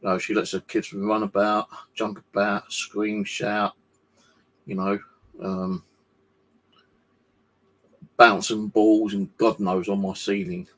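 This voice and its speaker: A man's voice: lowish voice, level tone, slow, long pauses, fairly bright tone. A man, talking casually to camera at home, rambling and swearing in an aggrieved way. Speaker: vlogger. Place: home flat indoors.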